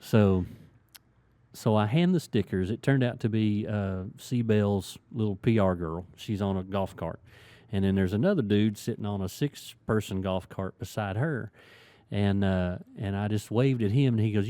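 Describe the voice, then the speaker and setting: A middle-aged man with a lowish, mellow voice, recorded close and dry. He hosts a relaxed chat and tells stories with energy, putting on the voices of the people he quotes. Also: a little slow, dry recording. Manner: lively storyteller who acts out quoted voices. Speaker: podcast host and sticker shop owner. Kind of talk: casual storytelling chat.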